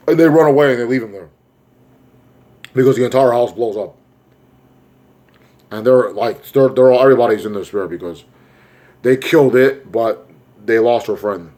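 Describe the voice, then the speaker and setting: A man giving an excitable, rambling plot recap as a movie reviewer, full of fillers. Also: mid-range voice.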